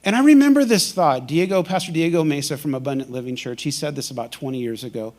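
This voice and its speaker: A male pastor preaching a sermon in a church, telling a story with lively acted-out quotes. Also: on the high side, quick pace. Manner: animated storytelling, acting out quoted voices.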